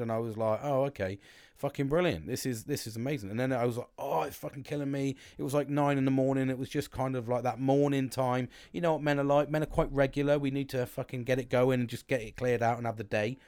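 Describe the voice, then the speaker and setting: A British man talks casually into his podcast mic, rambling, restarting and swearing freely as he tells a story. His voice sits at a middle pitch, and the recording is dry and close with no room sound. He talks at an easy, chatty pace. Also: a little fast, darkish tone, dry recording. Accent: British English. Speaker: podcast host.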